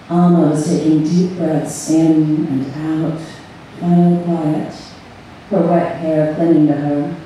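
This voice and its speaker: Brief: woman reading her story live, slow and measured, captured from far off in an echoey room. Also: on the low side, warm tone, slight background noise. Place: event room on a cruise ship. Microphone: far audience camera. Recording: echoey hall recorded from far off.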